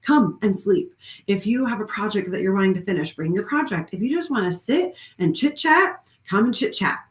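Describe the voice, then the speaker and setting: A woman speaks in a live-streamed talk with heartfelt, effusive warmth, often circling back and restarting her sentences. Her voice sits at an ordinary middle pitch, and the roomy echo around her marks the recording. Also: lively intonation, normal speed. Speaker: wellness studio leader.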